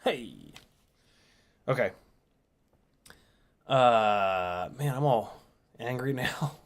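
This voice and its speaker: A man's voice: mid-range voice, animated, very slow, a little hiss or hum. A man hosting a casual drone livestream, muttering in exasperation as he tinkers and reads chat aloud. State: still a bit sick. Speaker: FPV drone livestream host.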